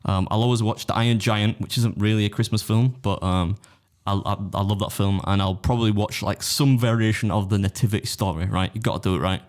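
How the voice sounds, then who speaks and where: A man's voice: on the low side, steady tone, fairly quick, few pauses. A man hosting a casual podcast, rambling and teasing and laughing often. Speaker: podcast host. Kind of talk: casual banter.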